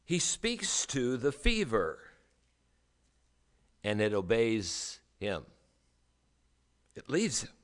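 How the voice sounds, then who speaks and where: A man preaching a sermon as a pastor, emphatic, with rhetorical questions and dramatic pauses. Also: mid-range voice, wildly swooping pitch.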